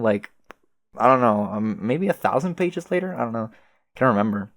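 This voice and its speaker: A man's voice: medium pitch, animated, moderate pace, creaky, no room sound. A young man reading a webcomic aloud, breaking off into giggly, rambling, swearing reactions into a close mic. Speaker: reader and commentator.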